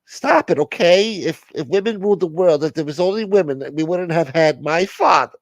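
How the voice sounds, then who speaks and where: A man's voice: on the high side, expressive, moderate pace, no echo, pitched above the performer's own voice. A man voicing a touchy, indignant grown son of a mob boss who gets defensive and exclaims.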